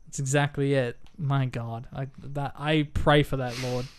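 A man co-hosting a casual film podcast, animated and joking, sometimes stumbling over words. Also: medium pitch, a little slow. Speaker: podcast co-host.

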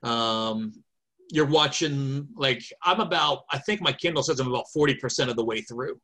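A man talks at length on a podcast over a video call, chatty and thinking aloud. He pauses on fillers as he goes. His voice sits at an ordinary middle pitch. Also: bright, forceful tone. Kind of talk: casual chat.

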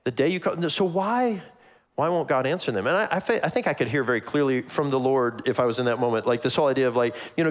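A man preaching a conversational sermon, acting out quick voices in his asides. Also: mid-range voice. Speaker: pastor.

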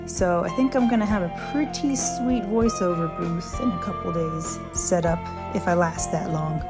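A woman's voice: lowish voice, normal speed. Rambling jokey woman over music. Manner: rambling, self-deprecating, jokey asides. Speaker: podcast host and voice actor. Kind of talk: casual comedic chat. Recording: music playing behind.

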